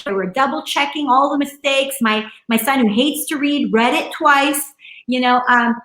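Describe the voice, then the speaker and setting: A middle-aged woman speaking as an interview guest from her home, earnest and rambling, with plenty of fillers and restarts. Her voice sits a bit high. The room gives it a noticeable echo. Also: moderate pace, a bit bright, faint music behind. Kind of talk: casual conversational interview.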